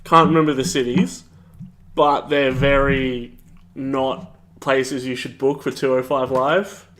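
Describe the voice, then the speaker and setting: A man co-hosting a podcast, chiming in with short, unhurried comments. He talks slowly at a middle pitch. His manner stays easygoing and brief. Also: level tone, a bit bright, poor audio. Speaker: podcast co-host. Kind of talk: casual chat.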